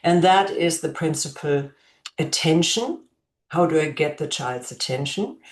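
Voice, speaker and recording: A woman educator giving an instructional talk to parents, speaking slowly and deliberately and gently modeling what to say to a child. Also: lowish voice. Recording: echoey room.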